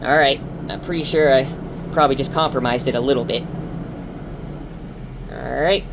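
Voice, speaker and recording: Excitable woman doing car audio tests. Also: rumbling low, normal speed, noisy background. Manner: excitable, exclaiming, talking to viewers. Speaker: car audio enthusiast testing subwoofers. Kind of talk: excited vlog commentary. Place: inside a car.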